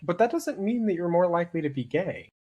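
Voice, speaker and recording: A man's voice: high voice, expressive, a little fast, muffled recording. A young man in casual podcast chat, joking and rambling as he goes. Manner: joking, rambling, self-interrupting. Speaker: podcast guest.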